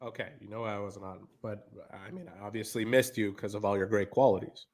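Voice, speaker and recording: A male reporter on a video call, chatting in a relaxed, joking way. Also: fairly low pitch, a little fast. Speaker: guest reporter. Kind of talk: casual chat over a video call.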